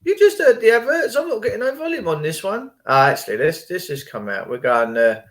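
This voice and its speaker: A man talks casually to his viewers, rambling and retelling phone calls in reported speech. His voice sits a little high for a man. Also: big pitch swings, brisk, fairly bright tone. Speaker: channel host. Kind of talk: casual chat.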